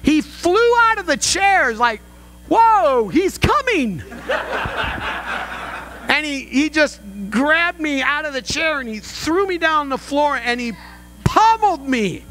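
A man's voice: very high voice, animated, a little slow, bright, forceful tone, soft background music, low-quality recording. An older male pastor preaching a sermon, telling family stories with humor and rising emphasis. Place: church sanctuary.

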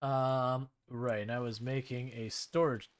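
A man's voice: medium pitch, a little slow, smooth. Wry man chatting while playing. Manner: relaxed, wry, thinks aloud while playing. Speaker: game streamer. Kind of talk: casual gameplay chat.

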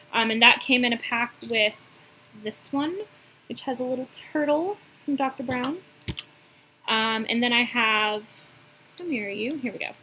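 A young woman, casually chatting through a shopping haul, gushing and filling pauses with "um". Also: fairly high pitch, sharp tone, slight background noise, low-quality recording. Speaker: reborn doll collector showing a haul.

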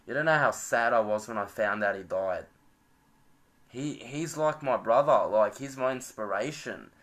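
A man's voice: mid-range voice, moderate pace, a bit bright. Profane, mournful young man. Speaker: vlogger. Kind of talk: tearful reaction vlog.

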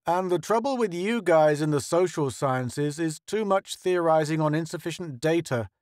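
A man's voice: on the high side, lively intonation, moderate pace, a little mellow, dry recording, studio quality, natural voice. A man voicing Lodgson, a thin, pale, sly crewman who speaks with an ominous, wolfish edge in an audiobook story.

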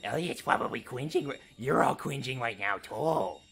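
A man doing a high, sing-song put-on voice, gushing and snippy while he reads game text aloud. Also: animated, moderate pace, vocal fry, a bit bright, husky, full character voice.

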